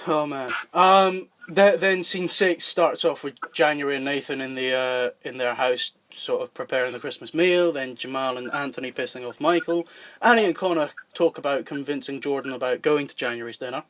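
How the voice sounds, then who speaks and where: A man's voice: mid-range voice, fairly even intonation, normal speed, a bit bright. A man, a podcast host who swears a lot, laughs often and acts out his script's dialogue in casual chat.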